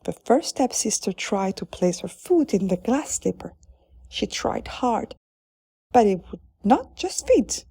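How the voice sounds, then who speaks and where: A woman narrating a children's storybook in a calm, deliberate way. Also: medium pitch, vocal fry, slightly rough, no echo, clean studio sound.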